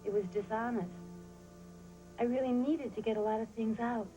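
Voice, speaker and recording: A woman's voice: a little high, fairly even intonation, moderate pace, warm tone, highs cut off, soft background music, lightly acted. An actress playing a young woman patient who speaks bluntly and candidly. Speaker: actor. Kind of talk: sitcom drama acting.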